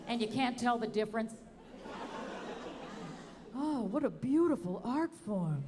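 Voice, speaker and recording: A woman performing a wry, animated stand-up comedy set at an outdoor show. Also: fairly high pitch, unhurried, in a large hall, crowd noise, noisy background. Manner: wry, animated delivery with sung bits.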